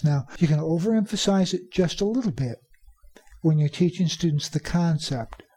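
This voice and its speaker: A man giving a podcast lesson to teachers on pronunciation, stressing example sentences slowly and talking plainly and encouragingly. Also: a little high, mellow, husky. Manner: slow, emphatic model sentences; plain, encouraging talk to listeners. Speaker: teacher trainer.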